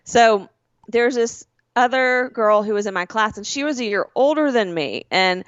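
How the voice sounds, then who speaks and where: A woman's voice: fairly high pitch, lively intonation, moderate pace, no echo, muffled recording. A woman co-hosting a podcast, telling a rambling school story in casual chat and correcting herself as she goes. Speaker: podcast co-host.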